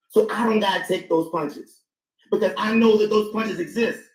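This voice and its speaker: Man, panel guest, emphatic, repeats for stress, high voice, roomy echo. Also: normal speed. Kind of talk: casual panel discussion.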